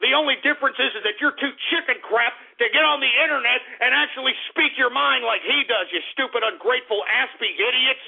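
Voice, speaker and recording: A man's voice: extremely high pitch, fairly quick, creaky, few pauses. A male internet radio host ranting in anger, swearing and stammering at his listeners. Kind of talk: angry on-air rant. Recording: tinny phone-line call-in audio.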